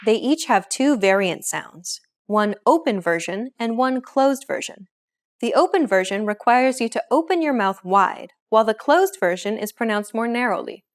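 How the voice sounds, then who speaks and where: A woman narrating a scripted pronunciation lesson as the teacher, clear and upbeat. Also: on the high side, animated, moderate pace.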